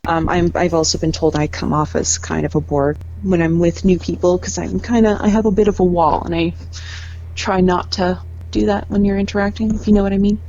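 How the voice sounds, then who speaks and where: A woman's voice: on the low side, flat delivery, brisk, warm tone, lo-fi sound. A woman photographer and artist talking in a casual podcast chat, candid and laughing often, with some casual swearing.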